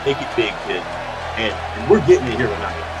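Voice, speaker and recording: Man, wrestling commentary, excitable, tongue-tied, animated pitch, music behind. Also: fairly quick. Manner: excitable, stumbles over words. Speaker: play-by-play commentator.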